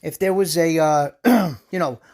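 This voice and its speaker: A man's voice: on the high side, unhurried, darkish tone. A man telling a long, rambling, profane story as a vlogger, heated and indignant, peppering every line with "you know" and "right?". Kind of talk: casual storytelling rant.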